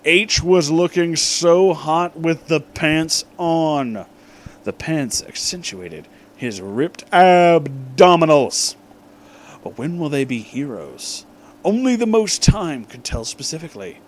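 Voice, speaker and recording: A man narrating a comedic fan story aloud in a mock-dramatic, deadpan way. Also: a little high, takes it slowly, a little hiss or hum. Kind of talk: comedic fan-fiction reading.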